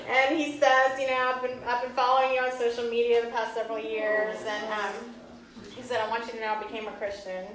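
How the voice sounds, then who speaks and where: A woman's voice: fairly high pitch, flat delivery, fairly quick, crowd noise. A woman in her thirties, earnest and often laughing, telling a personal story to an audience. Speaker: speaker giving a talk. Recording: echoey hall from far off.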